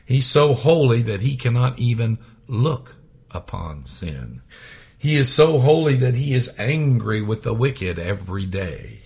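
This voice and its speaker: A man preaching a sermon, swinging from loud raised passages to hushed whispers. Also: mid-range voice, very animated, unhurried, vocal fry, husky.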